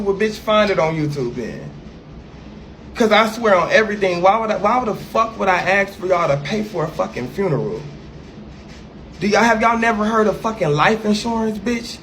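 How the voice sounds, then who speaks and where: A man's voice: high-pitched, animated, normal speed, fairly bright tone, a little hiss or hum. A man ranting brashly on a livestream, profane and sassy as he fires back at a critic.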